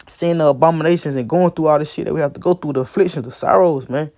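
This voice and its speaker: A man giving an informal scripture teaching in street slang, ending nearly every phrase with "man" and reading verses slowly. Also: a little high, fairly even intonation, gravelly, warm tone, dry recording. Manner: reads verses slowly and deliberately.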